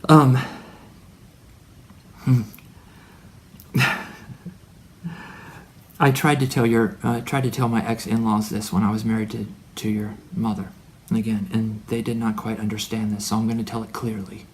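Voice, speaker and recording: A man delivering a rambling spiritual monologue to his son. He is preachy and full of wordplay, and he swings from loud declarations to hushed asides. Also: on the low side, little pitch movement, a little slow, long pauses, slight background noise. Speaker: religious speaker addressing his son.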